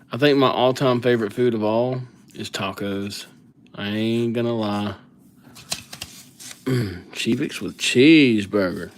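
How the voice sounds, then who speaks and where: A man chatting casually and joking at his own expense on a live calligraphy stream, dropping to soft murmurs as he writes. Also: mid-range voice. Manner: chatty, self-mocking, drops to soft murmurs while writing. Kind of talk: casual live-stream chat while writing.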